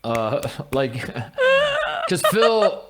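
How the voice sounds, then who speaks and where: A man's voice: sits high, huge pitch swings, very noisy. Joking male podcast co-host. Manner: joking, quick banter, frequent laughs. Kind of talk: casual sports chat.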